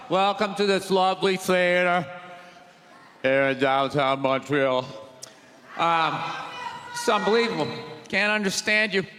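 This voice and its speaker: Brief: high-voiced male stand-up comic, loud exasperated rants, live theater with crowd noise and long reverb. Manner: loud, ranting, exasperated delivery. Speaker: stand-up comedian. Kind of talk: stand-up comedy set. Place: theater stage before a live audience.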